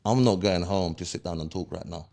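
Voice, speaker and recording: A man's voice: low-pitched, a little fast, vocal fry, a little mellow. A man, a podcast guest heatedly retelling events in street slang and checking in with "yeah?" after each point. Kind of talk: casual storytelling interview.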